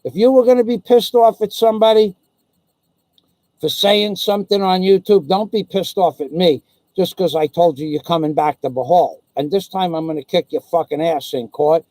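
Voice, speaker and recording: Sweary guy ranting at his channel, bit high, mellow, dry sound. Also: moderate pace, no room sound, poor audio. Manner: crude, loud, rambling. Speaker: YouTube vlogger. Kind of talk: profane comedic rant.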